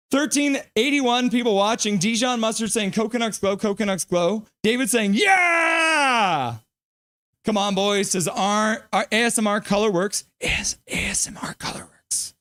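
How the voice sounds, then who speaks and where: A man hosting a live hockey stream, calling the play eagerly and quickly and reading viewer comments aloud. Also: sits high, a bit bright, dry recording, clean studio sound.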